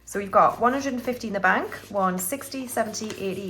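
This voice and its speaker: A woman's voice: fairly high pitch, unhurried, a bit bright, faint music behind. A woman, chatting casually to viewers while counting cash into budget envelopes. She counts aloud in a breezy way, with offhand asides, and sounds a little under the weather. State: slightly unwell, clearing throat. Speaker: budgeting YouTuber.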